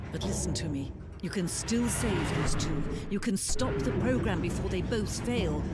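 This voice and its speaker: A woman voicing a slow, grave game narrator. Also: mid-range voice, natural voice. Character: calm omniscient female narrator, solemn and urging.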